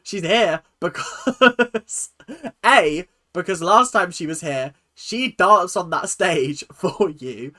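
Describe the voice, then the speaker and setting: A chatty reaction-video host, animated and swearing casually, laughing often into a close mic. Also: medium pitch, slow pace.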